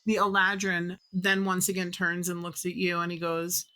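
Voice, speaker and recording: Woman game master, rambling tabletop narration, lowish voice. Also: monotone, normal speed, pushed and bright. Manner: rambling, filler-heavy narration.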